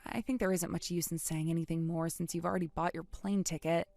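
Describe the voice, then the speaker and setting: A woman's voice: lowish voice, steady tone, fairly quick, creaky, warm tone, dry recording. A woman voicing an earnest young aunt who pleads for her brother's baby, in scripted dialogue. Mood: pleading. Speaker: voice actor in a text-story drama.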